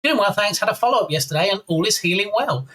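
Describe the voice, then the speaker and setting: A man's voice: high-pitched, animated, fast, bright, forceful tone, poor audio. An English man streaming live with a slight frog in his throat, chatting casually and reading out and thanking viewers' chat messages. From England. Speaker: game dev streamer.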